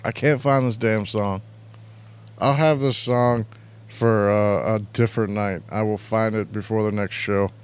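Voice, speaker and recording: A man's voice: on the low side, steady tone, unhurried, clear, resonant tone. A man hosting an internet radio show, chatting casually and crudely, rambling and reading out chat messages. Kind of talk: casual live-stream chat.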